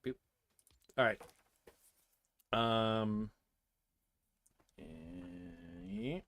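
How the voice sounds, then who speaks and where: Man, streamer, casual game commentary, lively swooping pitch, slow delivery. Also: creaky. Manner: swears and laughs loudly at game moments, mutters otherwise.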